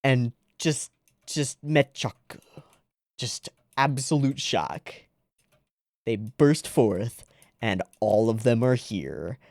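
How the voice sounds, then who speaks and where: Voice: medium pitch, lively intonation, drawn-out words, creaky, a little mellow, no echo, studio quality. An anime reaction host giving casual, rambling, sarcastic commentary on episodes.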